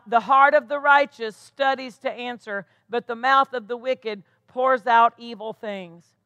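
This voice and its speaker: A woman pastor with an American accent preaching a sermon, repeating phrases for emphasis and slowing down to stress the scripture she reads. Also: sits high, bright, forceful tone, dry recording.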